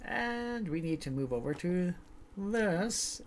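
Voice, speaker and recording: A man's voice: sits high, animated, slow pace, a little hiss or hum. A man hosting a livestream, reading short stories aloud and then chatting loosely with filler words. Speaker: livestream host. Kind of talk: casual livestream storytelling.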